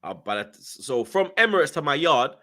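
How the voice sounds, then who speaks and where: On a podcast, a young man with a higher voice tells an animated story at a moderate pace. Excitable and full of London street slang, he acts out the things people said.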